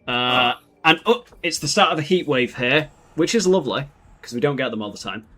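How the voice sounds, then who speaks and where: A British man hosting a casual livestream chat, halting and self-deprecating, often restarting his phrases. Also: mid-range voice, animated, sharp tone. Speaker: channel host.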